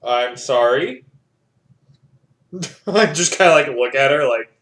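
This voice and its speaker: A man's voice: medium pitch, animated, slow pace, pauses often, a bit bright. A man playing a tabletop game, joking and laughing as he talks. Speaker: player. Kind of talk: casual tabletop play. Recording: echoey room.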